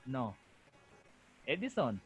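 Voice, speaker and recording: A man's voice: mid-range voice, wildly swooping pitch, takes it slowly, slightly rough, faint music behind. A male French language lecturer giving an online lesson over a video call, repeating himself and firmly correcting students. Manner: repetitive, firm corrections.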